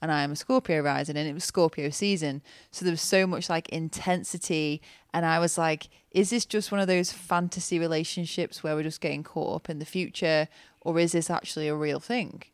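Low-pitched woman, podcast co-host, candid and open, close dry sound. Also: fairly even intonation, a little fast, smooth, dry recording. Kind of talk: casual chat.

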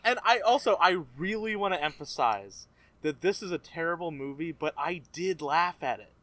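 A man's voice: on the high side, normal speed, dry recording. A young man co-hosting a casual movie review chat, talking animatedly with lots of "like" and frequent laughs. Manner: animated, fills with "like", laughs often. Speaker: podcast co-host.

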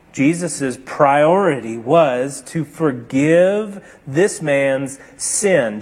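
A man preaching a sermon, moving between emphatic, raised passages and hushed, slow, deliberate ones. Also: on the high side, breathy edge. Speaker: pastor.

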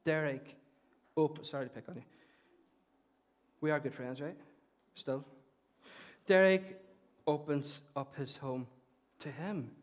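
A man with a Northern Irish accent preaching a conversational, animated sermon in a church, often repeating his phrases. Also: on the high side, takes it slowly, long pauses. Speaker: pastor.

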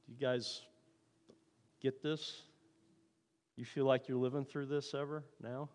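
A man's voice: mid-range voice, steady tone, measured pace, long pauses. Preaching man in a reverberant hall. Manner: reads scripture aloud, then speaks the prophet's and God's words in a hushed voice. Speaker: pastor. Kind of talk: sermon.

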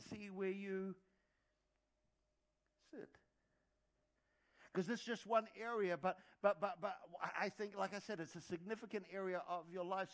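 Male pastor, fairly high voice, conversational sermon delivery with stacked repeats for emphasis. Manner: conversational preaching with quick asides and dad jokes; repeats words when building emphasis.

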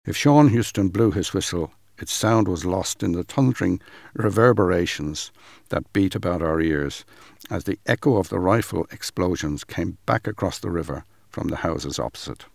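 A man giving a measured, dramatic reading of a first-person account. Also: low voice, vocal fry, darkish tone, no room sound.

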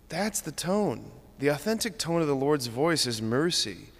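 A man's voice: on the high side, animated, moderate pace, few pauses, fairly bright tone. A man, a Catholic priest, giving an earnest, informal homily with many fillers in a church. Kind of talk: conversational homily. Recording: long church reverb.

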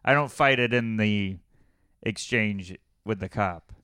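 Bright, crisp-voiced man hosting a podcast. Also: lowish voice, slow pace, dry recording, clean studio sound. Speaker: podcast host. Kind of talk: casual podcast chat.

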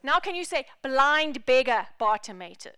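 A woman pastor preaching a sermon in an animated, playful, emphatic way. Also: sits high, measured pace, clear, resonant tone, no room sound.

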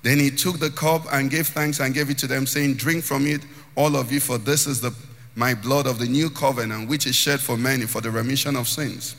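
Pastor preaching in an echoing hall. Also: male voice, mid-range voice, steady tone, brisk, a bit bright. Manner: emphatic preaching with rising sung phrases and repeated words. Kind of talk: sermon. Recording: long hall reverb.

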